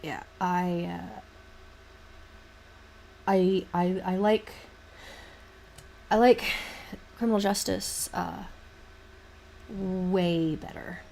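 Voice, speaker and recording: Slow, gravelly Southern woman rambling. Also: on the low side, steady tone, warm tone, a little hiss or hum. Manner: rambling, halting, with many restarts and fillers. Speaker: livestream host. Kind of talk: casual chat while painting on stream.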